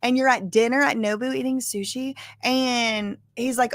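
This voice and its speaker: A woman's voice: a little high, fairly even intonation, normal speed. Chatty woman giving her opinions. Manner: chatty, opinionated, says "like" and "y'all" often. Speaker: live-stream commentator. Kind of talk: casual commentary on trial testimony.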